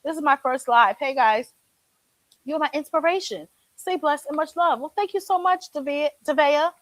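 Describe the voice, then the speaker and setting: A woman's voice: high-pitched, normal speed, no echo. A woman co-hosting a casual live stream from her couch, telling stories with a lot of laughter. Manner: animated storyteller, laughs often, chews while talking. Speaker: co-host. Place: home couch.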